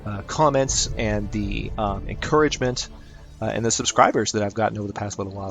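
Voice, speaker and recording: A man's voice: lowish voice, fairly quick, gravelly, fairly bright tone, soft background music. A man giving casual let's-play commentary, chatty and upbeat, thinking aloud with fillers as he plays. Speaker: gameplay commentator.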